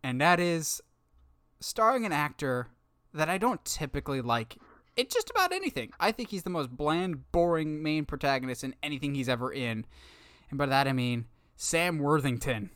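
Bright, dry-voiced opinionated co-host. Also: medium pitch, big pitch swings, normal speed, no room sound. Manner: opinionated, playful, emphatic. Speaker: podcast co-host. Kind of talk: casual movie chat.

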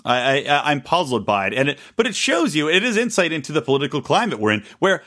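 A man hosting a solo political podcast, talking in a sarcastic, mocking, animated way. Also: fairly high pitch, fast talker. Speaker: podcast host.

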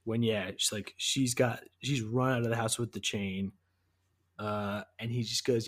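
A man's voice: fairly low pitch, fairly even intonation, unhurried. A man co-hosting a podcast in casual chat, enthusiastic, rambling and profane. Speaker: podcast co-host.

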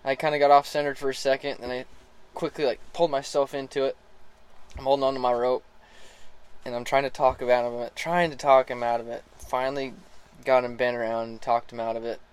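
A relaxed man spins a casual story about working a young horse. His voice sits at an ordinary middle pitch, and he chuckles now and then and trips over his own sentences. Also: brisk, clear, resonant tone, poor audio. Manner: relaxed, laughs often, restarts sentences. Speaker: horse rider starting a young colt.

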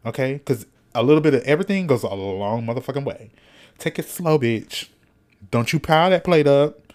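A man hosting a solo podcast in casual chat, sassy and animated, cussing freely and snacking as he talks. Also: mid-range voice, fairly quick. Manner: snacking while talking. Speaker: podcast host.

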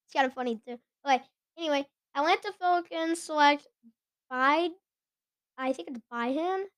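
A woman's voice: sits high, moderate pace, dry recording, studio quality. A woman hosting a casual podcast, chatting and giggling as she stumbles over names. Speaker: podcast host. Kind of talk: casual sports chat.

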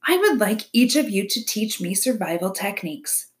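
A woman voicing a calm, polite female robot in a read-aloud storybook, measured and even. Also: mid-range voice, close to an everyday voice.

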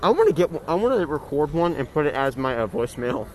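A man's voice: on the high side, very animated, fast. A man hosting a podcast, chatting casually in a jokey, rambling way and laughing often. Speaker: podcast host. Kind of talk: casual chat.

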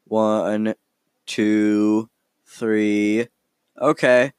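A man's voice: on the low side, flat delivery, extremely slow, a little mellow, smooth, dry recording. A man voicing a nervous townsman who stammers and rambles while begging for help. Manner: stammering, panicky.

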